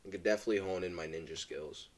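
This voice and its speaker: A man's voice: low-pitched, very fast. A young man co-hosting a podcast, rambling and joking with lots of fillers. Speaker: podcast co-host. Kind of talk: casual chat.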